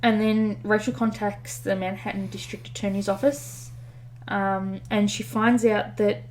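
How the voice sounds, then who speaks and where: A woman of middle pitch co-hosts a podcast and recounts a story in relaxed, chatty fashion. She fills gaps with ums and corrects herself mid-sentence as she goes. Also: measured pace. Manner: chatty retelling with many fillers and self-corrections. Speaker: podcast co-host. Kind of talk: casual storytelling chat.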